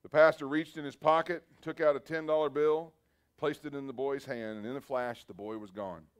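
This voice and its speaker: A man's voice: mid-range voice, fairly even intonation, normal speed, clear, resonant tone. A man preaching at a church service, telling a story and leading prayer in an earnest, urging way. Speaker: pastor.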